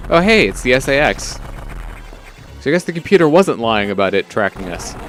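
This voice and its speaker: A young man giving casual, relaxed gameplay commentary, rambling with many fillers. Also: medium pitch, a little hiss or hum. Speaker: let's play commentator.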